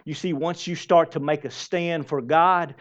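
A man preaching a sermon to a church congregation, lively and asking them direct questions. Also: on the high side, unhurried. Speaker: pastor. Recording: dull lo-fi sermon recording.

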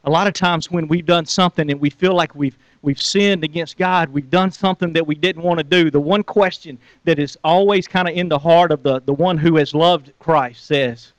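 A man's voice: fairly high pitch, fairly quick, hardly any pauses, dry recording. A man preaching a sermon in a conversational way, often asking the audience questions and restarting his words. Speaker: pastor.

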